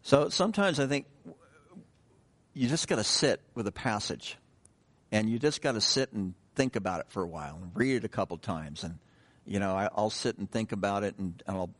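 A man's voice: on the low side, lively intonation, moderate pace. A middle-aged man preaching a sermon, reading scripture and praying, then talking in a loose, conversational way with restarts and joking asides. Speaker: pastor.

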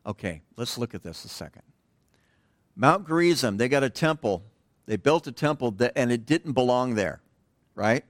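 Middle-aged male pastor, relaxed conversational sermon, rambly asides, trails off quietly, dry close sound. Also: mid-range voice, moderate pace, no echo. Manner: digressive, drops to a hush at phrase ends. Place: church.

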